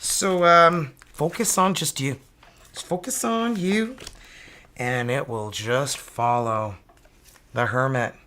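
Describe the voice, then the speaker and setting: A woman's voice: a bass voice, slow, a bit bright, a little hiss or hum. A woman in her fifties giving chatty, upbeat tarot readings on a live stream. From Canada. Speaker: tarot reader.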